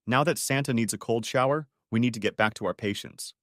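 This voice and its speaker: A man voicing a calm woman nurse who speaks in a wry, easy way. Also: mid-range voice, brisk, no echo, clean studio sound, lightly acted.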